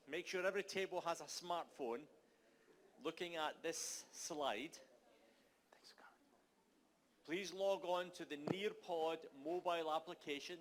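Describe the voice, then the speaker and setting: A man with a Scottish accent giving brisk, friendly instructions to a conference audience. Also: fairly high pitch. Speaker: conference facilitator. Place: conference hall.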